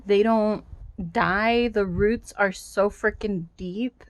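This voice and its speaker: A woman's voice: medium pitch, fairly even intonation, slow, no echo. A woman vlogging in her yard about work on her rural home, talking frankly and swearing freely as she gets frustrated. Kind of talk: casual vlog monologue. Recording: faint wind and outdoor noise.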